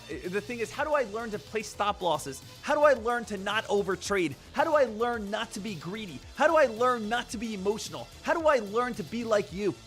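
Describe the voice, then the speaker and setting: A man's voice: sits high, lively intonation, brisk, few pauses, soft background music. A man streaming about stock trading, lecturing emphatically and repeating phrases for effect. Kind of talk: live-stream motivational talk.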